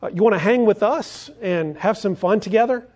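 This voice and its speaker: A man's voice: sits high, normal speed, darkish tone, voice pushed up. A man voicing a teasing bully boy bear who goads others, as a pastor retells a children's storybook. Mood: taunting. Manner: taunting, goading.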